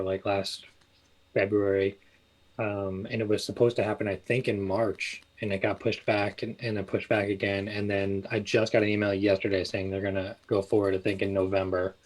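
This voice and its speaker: Man, low-ish voice, rambling guest talking shop. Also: poor audio. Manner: relaxed, rambling with many fillers and restarts. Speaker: guest, small clothing business owner. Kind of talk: casual interview chat.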